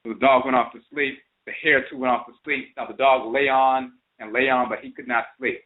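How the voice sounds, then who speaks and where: A man's voice: medium pitch, steady tone, brisk. A man hosting a radio show, telling a folktale and explaining its terms with emphatic repetition. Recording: phone-line internet radio.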